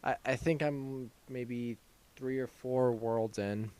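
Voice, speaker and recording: Young male co-host, excitable, gushes and acts out reactions, mid pitch. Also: slow pace, clean tone. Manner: excitable, gushing, acts out his own reactions. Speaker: podcast co-host. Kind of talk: casual gaming chat.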